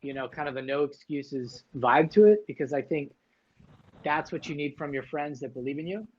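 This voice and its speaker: A man's voice: fairly high pitch, normal speed, a little mellow, highs cut off. A man hosting a casual livestream chat, talking loosely with many fillers and restarts. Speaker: livestream host.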